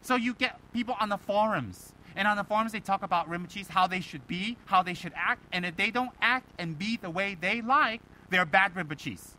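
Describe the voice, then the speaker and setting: A Buddhist teacher giving a dharma talk to students, animated and emphatic, firing rhetorical questions and mimicking other people. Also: male voice, high voice, fairly quick, few pauses, a little hiss or hum, poor audio.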